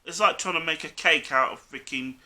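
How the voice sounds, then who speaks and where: A man's voice: fairly high pitch, fairly quick, sharp tone. A man chatting casually about football, bluntly and with lots of swearing, calling everyone mate. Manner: blunt, swears a lot, says mate constantly. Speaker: co-host.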